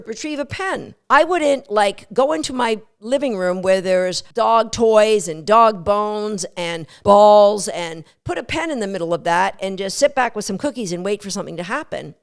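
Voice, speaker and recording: Brief: female dog-training podcast host, a gravelly edge, lively and coaching. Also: medium pitch. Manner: lively, coaching, acts out dog and owner thoughts. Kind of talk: instructional podcast talk.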